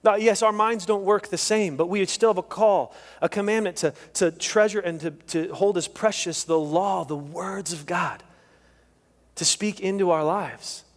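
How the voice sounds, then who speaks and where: Male preacher with a high voice, hammering key lines home, heard in a church with a long echo. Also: unhurried. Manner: emphatic, repeats key phrases. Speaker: pastor. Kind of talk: sermon. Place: church sanctuary.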